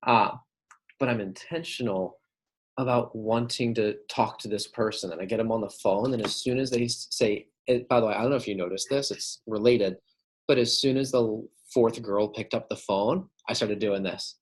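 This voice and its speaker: Man, lowish voice, casual coaching, acts out phone calls, keeps asking right. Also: normal speed. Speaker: manager coaching staff.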